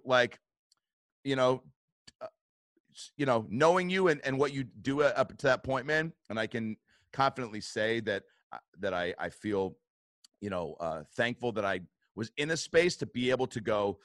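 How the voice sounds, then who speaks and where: Guy telling a story on a podcast, swears a lot, jumps into loud quotes, dry close mic. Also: medium pitch, normal speed, no room sound. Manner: animated, swearing, acts out quotes in bursts. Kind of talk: casual storytelling chat.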